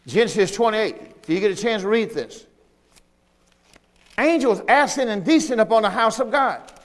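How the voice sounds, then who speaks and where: A middle-aged pastor delivers a sermon in a notably high voice, reading scripture and breaking off to urge the congregation. His words ring out with a long reverb from the church sanctuary. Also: expressive, normal speed. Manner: preaching, reading scripture aloud with call-and-response asides.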